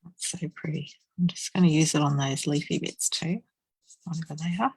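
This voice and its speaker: A woman's voice: low voice, steady tone, a little fast, a little hiss or hum, rough recording. A woman doing a live card-making demonstration, chatting and laughing as she works and murmuring to herself. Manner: chatty, giggly, murmurs to herself while working.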